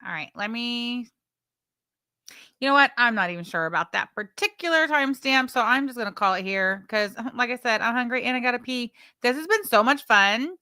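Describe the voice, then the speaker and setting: Woman, livestream host, bright tone, dry close mic, blunt, profane, casual commentary. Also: a little high, animated, normal speed, clear, resonant tone, no echo. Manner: blunt, profane, reads out super chats.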